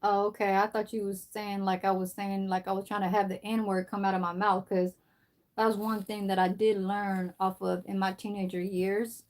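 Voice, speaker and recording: A woman's voice: medium pitch, flat delivery, moderate pace, a little mellow. Woman ranting casually on a live stream. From San Francisco, USA. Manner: swears freely, rambling storytelling. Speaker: livestream host. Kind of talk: casual livestream chat.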